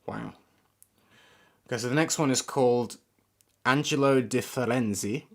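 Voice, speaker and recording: A man's voice: mid-range voice, unhurried. Casual rambling man reviewing scents. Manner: casual, rambling, searching for words. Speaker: fragrance reviewer. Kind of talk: live-stream fragrance review.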